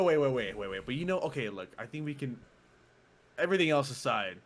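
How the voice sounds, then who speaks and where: A young man co-hosting a sports podcast, trading sarcastic jabs in casual banter. His pitch swings widely, from mumbled low agreements to sudden high exclamations. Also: animated, fairly quick. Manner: dry, sarcastic asides, short low acknowledgments. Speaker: podcast co-host.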